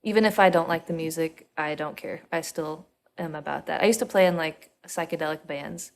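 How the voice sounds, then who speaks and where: A woman's voice: low-pitched, a little fast, slight background noise. A woman musician talking as a podcast guest in candid, laid-back chat. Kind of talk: casual interview chat.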